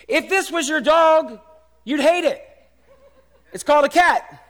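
A middle-aged man preaching a sermon as pastor in a casual, animated way, swinging from loud exclamations to soft asides. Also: very high-pitched, measured pace, pauses often.

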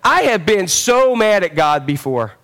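Animated high-pitched male preacher. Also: unhurried. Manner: animated, swings from loud to hushed; calls out to the congregation. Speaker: pastor. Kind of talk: sermon.

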